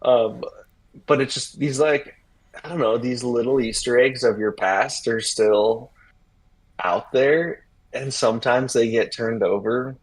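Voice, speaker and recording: A husky man in his thirties, an interview guest telling a rambling story and acting out the people in it. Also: mid-range voice, measured pace, low-quality recording. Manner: rambling, animated retelling with acted-out quotes.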